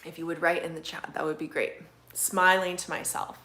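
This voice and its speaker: A woman hosting a casual livestream, chatting and answering viewer comments in a relaxed way with frequent "like"s and soft laughs. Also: sits low, brisk, roomy sound. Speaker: livestream host, manifestation coach. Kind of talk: casual live-stream chat reading viewer comments. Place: indoors at home.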